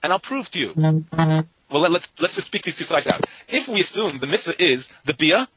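A man teaches a Talmud class, animated and speaking in quick bursts, chanting the Hebrew and Aramaic texts in a sing-song lilt. His voice sits a little high, and there's background noise.

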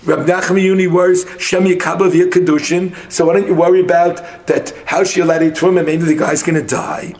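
Man arguing a Talmud passage, mid-high voice. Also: fairly even intonation, a little mellow. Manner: argumentative, quick, mixing English with Hebrew and Aramaic terms. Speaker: Talmud study partner. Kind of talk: casual Talmud study session.

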